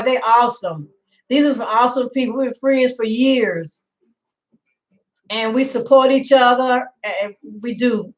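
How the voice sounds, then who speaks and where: A woman's voice: fairly high pitch, poor audio. A middle-aged woman hosting a casual home live stream, rambling and chatty, greeting viewers by name and laughing often. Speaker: livestream host.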